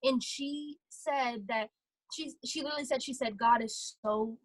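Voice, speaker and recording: A young woman talking casually and excitedly on a motivational vlog, full of fillers. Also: high voice, a little slow, no room sound, rough recording. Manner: chatty, filler-heavy, excitable. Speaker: vlogger.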